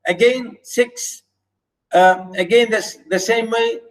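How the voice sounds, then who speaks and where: A man teaching an online poetry lesson, chanting stress patterns syllable by syllable with halting pauses and restarts. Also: high voice, low-quality recording. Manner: many fillers and restarts while explaining.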